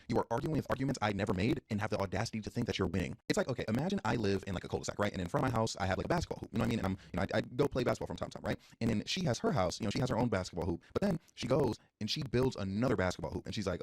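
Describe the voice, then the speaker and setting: A young man streaming, ranting in a casual, animated way that leans heavily on filler words. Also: lowish voice, gravelly, dry recording. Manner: fast, animated, heavy use of "like". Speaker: streamer and YouTuber. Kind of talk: casual live-stream rant.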